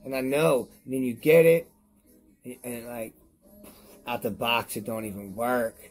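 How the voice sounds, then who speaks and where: A man reviewing products on his vlog in a rambling, profane rant to camera while he is high, repeating himself as he talks. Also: steady tone, measured pace, a little mellow.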